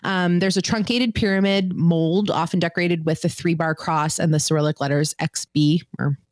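A woman hosting a relaxed trivia chat, reading facts in a fairly low voice with lots of ums between them. Her voice is close and dry, with no room sound at all. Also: normal speed, dry recording. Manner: reads trivia facts with many ums, laughs often. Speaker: quiz host. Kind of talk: casual podcast quiz chat.

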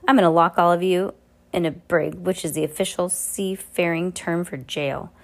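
A woman's voice: lowish voice, steady tone, normal speed, lightly acted. A woman reading aloud and voicing a sneering, cruel villainous man who giggles "tee hee" at his own jokes.

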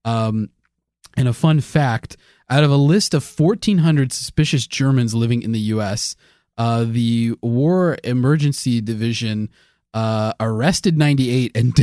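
A man co-hosting a casual podcast, explaining history with many halting fillers and frequent laughs. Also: mid-range voice, a little mellow, no room sound, clean studio sound. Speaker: podcast co-host presenting the history research.

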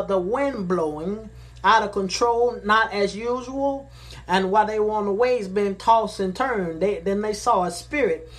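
A woman's voice: mid-range voice, a little hiss or hum. A woman preaching a sermon, reading Bible verses and then repeating and paraphrasing them in plain words. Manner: slow and deliberate, repeating phrases. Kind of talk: sermon, reading and explaining scripture.

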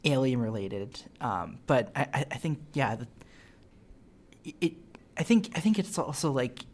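A woman on a podcast talking casually about a film, halting often with fillers and restarts. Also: rumbling low, big pitch swings, a little mellow. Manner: hesitant, many fillers and restarts. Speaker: podcast co-host.

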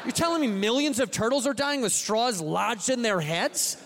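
A man's voice: very high voice, very animated, normal speed, hardly any pauses. Ranting stand-up comic in his late thirties. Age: late 30s. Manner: exasperated, profane, mock-outraged. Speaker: stand-up comedian. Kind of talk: stand-up rant. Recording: noisy live room ambience.

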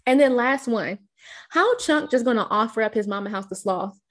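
Higher-voiced woman recapping a movie. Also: lively intonation, moderate pace. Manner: recaps scenes with playful jokes. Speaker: podcast co-host. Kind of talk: casual movie recap chat.

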